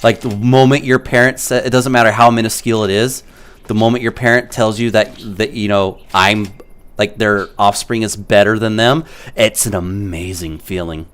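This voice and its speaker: Smooth-voiced man telling animated stories. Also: on the low side, moderate pace. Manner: animated storyteller, many "like" fillers. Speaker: gaming streamer. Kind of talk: casual storytelling while streaming.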